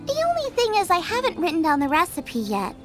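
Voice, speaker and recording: Bubbly young chef, high lively voice, food-obsessed, eager, game character. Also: female voice, a little fast, full character voice. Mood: excited. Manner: bubbly, enthusiastic, rambles about recipes. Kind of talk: game cutscene voice acting. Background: background music.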